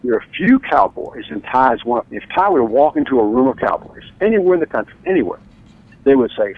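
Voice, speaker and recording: A man talking as an author and radio guest, telling stories with enthusiasm and acting out quotes with big jumps in pitch. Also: animated, fast talker, no echo. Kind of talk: animated radio interview storytelling. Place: radio studio or phone line. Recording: dry tinny phone-line sound.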